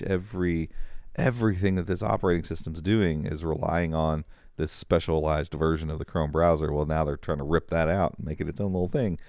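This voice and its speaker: Deep voiced guy rambling on a tech podcast, lots of restarts, dry mic sound. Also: no room sound. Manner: rambling, animated, full of restarts. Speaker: podcast co-host. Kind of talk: casual tech podcast chat.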